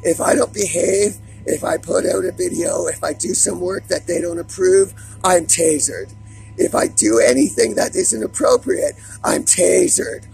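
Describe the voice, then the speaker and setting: A man vlogging an agitated, profanity-laden monologue to camera in a raspy voice. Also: high-pitched, unhurried, darkish tone, faint music behind, poor audio.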